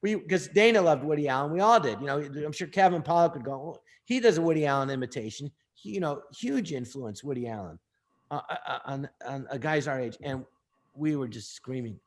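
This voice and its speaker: An older man from Los Angeles tells long, rambling stories as an interview guest, drifting off on tangents. His voice sits a little high for a man. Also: lively intonation, a little fast. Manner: rambling, puts on voices while retelling stories. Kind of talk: storytelling interview.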